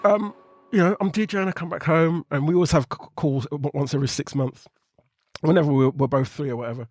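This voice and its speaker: A man hosting a podcast in a playful, teasing way, with lots of quick agreeing. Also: on the high side, darkish tone, dry recording, studio quality, soft background music. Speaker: podcast host. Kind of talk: casual chat.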